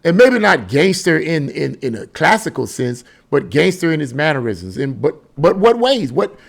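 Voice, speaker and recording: Gravelly-voiced man chatting through commentary. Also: fairly high pitch, very animated, normal speed. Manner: rambling and chatty, chuckling often. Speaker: political commentary vlogger. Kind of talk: casual opinion commentary.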